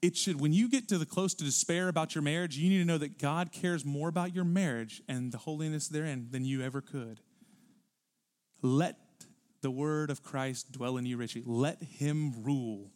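Standing in the church sanctuary, the pastor preaches with animation. His voice rises to booming, emphatic climaxes and falls away to soft, low remarks on the side.

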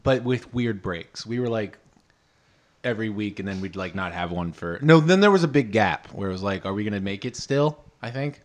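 A man co-hosting a podcast in casual chat, excitable and profane, laughing often and jumping up in pitch when worked up. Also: normal speed. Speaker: podcast co-host.

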